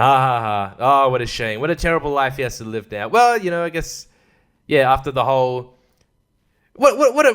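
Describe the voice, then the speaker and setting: A man's voice: medium pitch, a bit bright, clean tone. A man hosting a podcast, ranting casually and exasperatedly about a TV finale, swearing and mimicking the characters. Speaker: podcast host.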